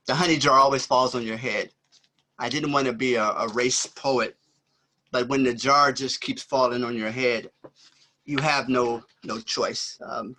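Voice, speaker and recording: Older man, bright and slightly high voice, rhythmic spoken-word poet on a video call. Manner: rhythmic, swinging delivery with many ums between poems. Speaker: performing poet. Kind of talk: spoken-word poetry reading. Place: home, indoors.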